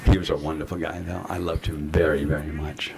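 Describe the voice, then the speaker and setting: A man's voice: rumbling low, flat delivery, fairly quick, gravelly, a crowd in the background. An older man, a guest actor at a festival Q&A, telling rambling anecdotes full of acted-out quotes. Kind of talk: festival Q&A storytelling. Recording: audience noise in a festival hall.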